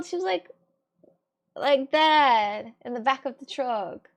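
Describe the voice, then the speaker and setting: A woman's voice: sits high, lively intonation, slow pace, gravelly. A young woman streamer chatting casually to her viewers, rambling and giggling often. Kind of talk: casual chat.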